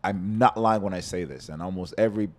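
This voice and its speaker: Podcast guest: low-voiced man from New York, reflective and easygoing, mimics people in anecdotes. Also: fairly quick. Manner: laid-back, reflective, acts out voices in stories. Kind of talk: casual chat.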